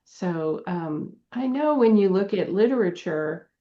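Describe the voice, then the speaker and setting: A woman's voice: mid-range voice, animated, measured pace. Woman coach, storytelling tone, lo-fi call audio. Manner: storytelling, thoughtful, warm laughs. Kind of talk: casual roundtable chat. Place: California.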